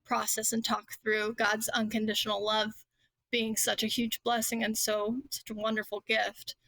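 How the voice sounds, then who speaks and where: A woman with a bright, fairly high voice talks through her thoughts as a podcast guest. Her delivery is earnest and reflective, often slowed by "um" and "like." The sound is close and dry. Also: completely flat delivery, no echo. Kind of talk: casual conversation.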